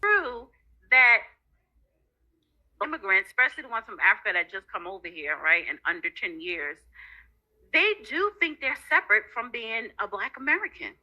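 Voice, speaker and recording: A woman's voice: fairly high pitch, very animated, moderate pace, sharp tone. A woman giving casual opinions online in a dismissive manner. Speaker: online commentator. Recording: dull lo-fi clip audio.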